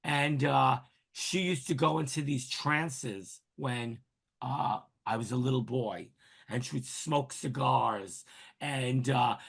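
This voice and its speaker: Gravelly animated man telling a story. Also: mid-range voice, slow pace. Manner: animated storyteller, acts out quoted voices. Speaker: interview guest. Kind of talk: casual storytelling.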